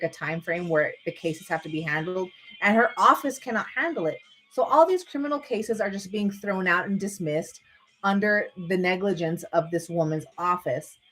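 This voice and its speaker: Chatty woman vlogging from her bed. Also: mid-range voice. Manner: chatty, says "dude", frequent restarts. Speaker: vlogger on a livestream. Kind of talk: rambling casual chat. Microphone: computer microphone.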